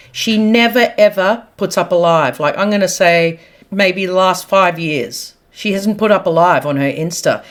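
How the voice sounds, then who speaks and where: Woman, low-ish voice, opinionated gossip vlogger, casual and blunt, laughs easily. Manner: blunt, animated, laughs at own jokes, slangy. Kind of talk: casual opinionated monologue to camera.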